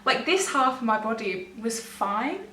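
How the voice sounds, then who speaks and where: A woman's voice: on the high side, expressive, a little slow, fairly bright tone. A young woman, telling a personal story to camera in a rambling, self-interrupting way with nervous laughs. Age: young adult. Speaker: vlogger. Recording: echoey room, distant mic, faint hum.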